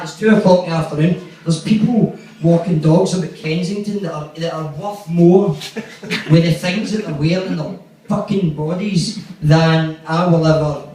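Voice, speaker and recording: Recorded roughly, far from the mic, with heavy reverb and a little hiss or hum, a Glaswegian stand-up comedian from Glasgow, Scotland, delivers profane, rambling stories and acts out the quotes. His voice is on the high side, and audience laughter fills the background.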